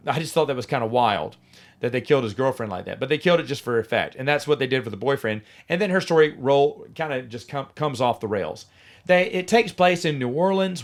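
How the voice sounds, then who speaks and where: A middle-aged man hosting a podcast on his own, giving an opinionated, sarcastic review in casual chat and mocking lines in a flat voice. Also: mid-range voice. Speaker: podcast host. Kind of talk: casual solo review monologue.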